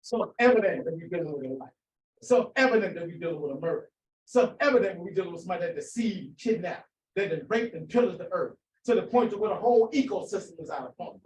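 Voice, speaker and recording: A man's voice: sits high, lively intonation, quick pace, a little mellow, distant mic, slight background noise. A man preaching an impassioned sermon, asking rhetorical questions and repeating phrases for emphasis. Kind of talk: fiery sermon. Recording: echoey room, voice off-mic.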